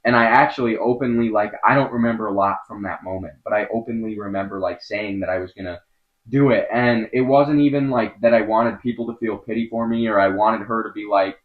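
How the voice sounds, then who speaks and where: A young man from Wisconsin, a podcast guest telling a personal story in an earnest, halting way, full of filler words. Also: lowish voice, steady tone, narrow, tinny audio. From Wisconsin, USA.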